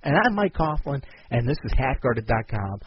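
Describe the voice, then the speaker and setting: A man's voice: medium pitch, very animated, normal speed, husky, dry recording, highs cut off. A man hosting a podcast, delivering an angry solo rant full of profanity and furious outbursts. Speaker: podcast host.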